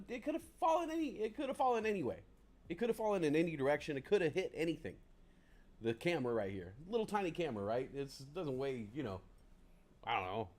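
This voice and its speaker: A man hosting a casual livestream who rambles in a chatty, self-deprecating way, close on a desk mic. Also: a little high. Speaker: livestream host.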